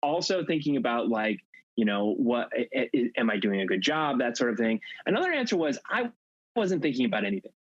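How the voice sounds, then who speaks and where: Podcast guy, talks in stops and starts, lively up and down pitch, kinda muffled dry sound. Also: breathy edge, dry recording. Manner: halting, many restarts and fillers. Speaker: magazine editor guest. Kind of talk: casual podcast chat.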